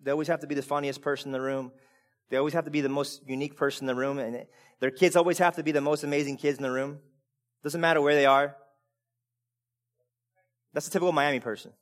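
A pastor with a high voice delivers a fast sermon with long pauses, swinging lively between hushed asides and loud, emphatic peaks. He often stumbles and repeats words when restarting a thought.

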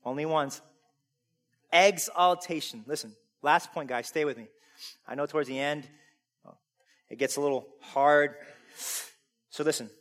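A man preaching a sermon to a congregation. He asks them questions and climbs from easy conversation to loud, full-voiced preaching. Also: on the high side, unhurried, long pauses. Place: church sanctuary. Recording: long reverb of a large hall.

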